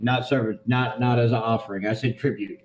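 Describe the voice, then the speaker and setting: A man's voice: steady tone, fairly quick, a little hiss or hum. A man playing a tabletop game, talking casually with lots of swearing and laughter. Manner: loud, swearing, laughs often, jumps into higher voices for quotes. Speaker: player. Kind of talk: casual chat. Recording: echoey room.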